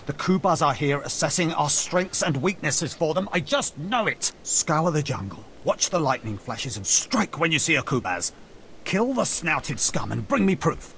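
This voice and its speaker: A paranoid Imperial captain. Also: male voice, a little high, animated, moderate pace, a bit bright, slight background noise. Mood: scornful. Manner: urgent, insistent, scornful. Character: paranoid intense male Imperial army captain. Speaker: game character.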